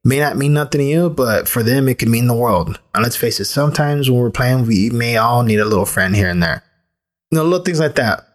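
A man in his thirties talks straight into the mic in a loose, candid monologue. He rambles a little and restarts his sentences, speaking at an everyday middle pitch as a podcast host. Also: brisk. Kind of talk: casual personal monologue.

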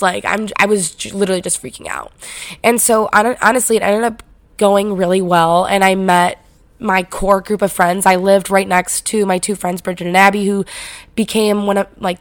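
A young adult woman tells college stories in a casual monologue, chatty and laughing, swearing frequently and leaning heavily on "like" as a filler. Her voice is mid-range and the recording is dry.

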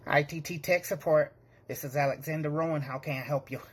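A man's voice: a little high, steady tone, fairly quick, husky. A young man performing a comedic sketch monologue, flustered and panicky, whining and apologizing.

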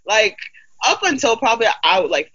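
A woman in her twenties telling stories in a casual group chat, animated and full of fillers. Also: a little high, brisk, slightly rough, highs cut off. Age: 20s. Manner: animated storytelling with many fillers.

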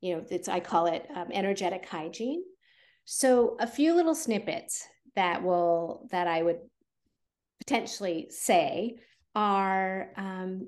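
A woman appears as a podcast guest, a fertility coach earnestly explaining her methods in conversational speech full of fillers. Her mid-range voice has a darkish tone and a slightly slow pace.

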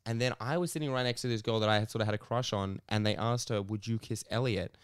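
A man's voice: lowish voice, fast, smooth, no room sound, clean studio sound. Young man telling stories. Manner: animated storytelling, laughs often, swears casually. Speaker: podcast co-host. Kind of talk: casual podcast chat.

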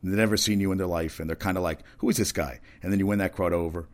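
A man's voice: deep voice, fairly even intonation, racing. A man hosting a casual talk segment, rambling through sports news and comedy anecdotes. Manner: rambling, conversational, with restarts and asides. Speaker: talk show host.

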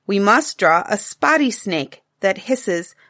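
A woman's voice: medium pitch, expressive, slow pace, pushed and bright, no echo, clean studio sound, full character voice. A woman voicing an eager, chattering little cave girl in a storybook reading.

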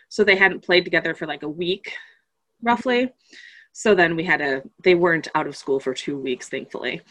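A woman chatting casually about her family, an animated storyteller who laughs often and acts out the voices of others. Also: fairly low pitch, muffled recording. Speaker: parent telling a family story. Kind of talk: casual chat.

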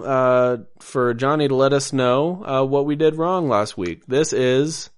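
A man's voice: mid-range voice, expressive, measured pace, hardly any pauses, smooth. A man hosting a podcast, chatting casually with a dry, teasing manner and casual swearing. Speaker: podcast host. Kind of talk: casual chat.

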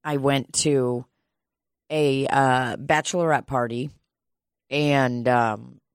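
A woman's voice: a bass voice, steady tone, slow, clean tone, dry recording, studio quality. A woman, co-hosting a casual chat and telling a story with lots of swearing and laughter. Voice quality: profane, laughs often.

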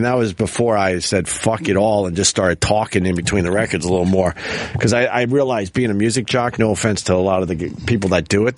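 A man's voice: lowish voice, no echo. Man hosting a casual podcast chat. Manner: laid-back storytelling, chuckling. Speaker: podcast host.

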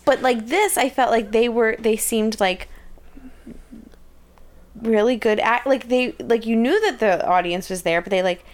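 A woman co-hosting a casual show chat, rambling and animated, leaning on "like" as she talks. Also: fairly high pitch, a little slow. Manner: rambling, heavy use of "like", animated.

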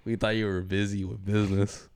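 A man's voice: lowish voice, level tone, fairly quick, a little mellow, clean tone. A man, co-hosting a podcast in easygoing, teasing chat with short replies. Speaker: podcast co-host. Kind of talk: casual chat.

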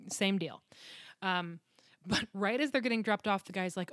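A woman's voice: mid-range voice, moderate pace, a bit bright, no echo, studio quality. Laughing, swearing woman retelling a story. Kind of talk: casual book recap chat.

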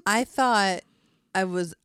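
A woman's voice: medium pitch, slow, a bit bright, a little hiss or hum. A young woman from California co-hosting a podcast in casual chat. She laughs often and pokes fun at herself. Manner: laughs often, self-mocking, jokey. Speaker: podcast co-host.

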